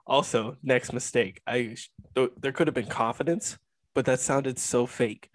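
A man's voice: medium pitch, measured pace, no room sound. A young man co-hosting a podcast, telling a rambling, self-mocking story in casual chat. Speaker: podcast co-host.

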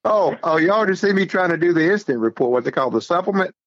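This older Southern man talks in an animated, laughing storytelling way. His voice sits a little high. The sound is dry and a touch dull. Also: fast, no echo. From North Carolina, US. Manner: animated, laughing, jumps high for quoted lines. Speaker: former police officer, co-host. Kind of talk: casual storytelling chat.

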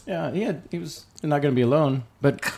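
A man's voice: a little high, brisk, vocal fry, darkish tone. A man co-hosting a podcast, telling a long rowdy story in casual chat, acting out the quotes and swearing freely. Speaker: podcast co-host.

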